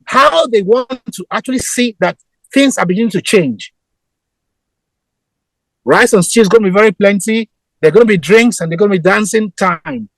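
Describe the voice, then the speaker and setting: Man, high pitch, dry sound, repeats addresses slowly. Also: vocal fry, a bit bright, no echo, rough recording. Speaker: caller from abroad. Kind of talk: announcement on a live show.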